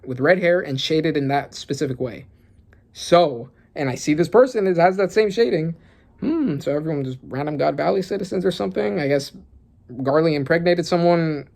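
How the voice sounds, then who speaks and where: A young adult reacting to a new manga chapter in casual commentary, reading panels aloud with gasps, laughs and a lot of fillers. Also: medium pitch. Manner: excitable, gasping and laughing, lots of fillers.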